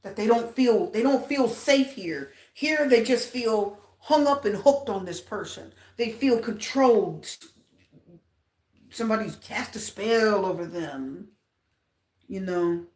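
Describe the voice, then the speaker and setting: Slowly and in a medium-pitched voice, a woman delivers a casual tarot reading in a reverberant space. She's animated, talks directly to her viewers and repeats phrases for weight.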